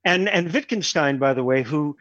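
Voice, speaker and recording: A man's voice: on the high side, moderate pace, no room sound. Discursive man with muffled sound. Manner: discursive, restarts often, animated with rising questions. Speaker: guest, composer and pianist. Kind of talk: reflective conversational interview.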